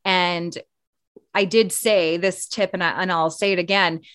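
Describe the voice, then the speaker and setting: A woman's voice: fairly low pitch, fairly even intonation, unhurried, fairly bright tone, smooth, no echo. A Canadian woman co-hosting a podcast, sharing speaking tips in a casual, conversational way with fillers and restarts. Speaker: podcast co-host and radio broadcaster.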